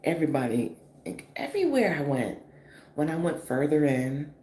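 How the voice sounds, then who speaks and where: A woman in her forties from the northeastern US telling a story in a casual, animated, profane vlog style, full of fillers. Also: sits low, normal speed. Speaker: vlogger. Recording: echoey room with faint noise.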